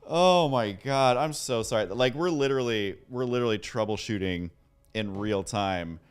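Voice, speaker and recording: Excitable, self-deprecating male streamer. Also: fairly low pitch, normal speed, clear, resonant tone. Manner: excitable, self-deprecating, thanks viewers by name. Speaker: game streamer. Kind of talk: casual livestream chat.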